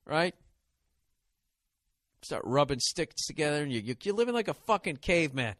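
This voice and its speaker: Guy ranting and cussing nonstop on his podcast, kinda high bright voice, dry sound. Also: dry recording. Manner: swears constantly, sarcastic and ranting. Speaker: podcast host. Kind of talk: profane comedic rant.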